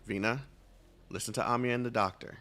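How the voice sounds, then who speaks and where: A man's voice: medium pitch, fairly even intonation, a little fast, fairly bright tone. A man streaming a game, chatting casually and reading dialogue aloud, rambling and self-mocking as he stumbles over names.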